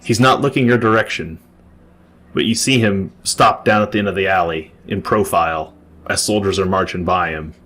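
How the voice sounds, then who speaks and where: A man's voice: low voice, moderate pace, a bit bright. A man narrating a tabletop game as game master, describing scenes at length with frequent restarts.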